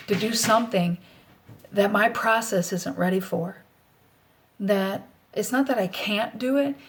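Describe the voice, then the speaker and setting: Blunt, rambling middle-aged woman, often whispering. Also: mid-range voice. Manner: rambling and blunt, swears freely, often drops to a soft whisper. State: anxious. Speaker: vlogger. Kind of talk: candid personal vlog monologue.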